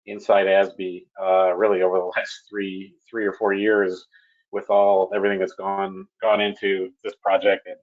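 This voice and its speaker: A man presenting a technical webinar on a bridge repair, talking in a halting way with many restarts and fillers. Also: fairly low pitch, muffled recording.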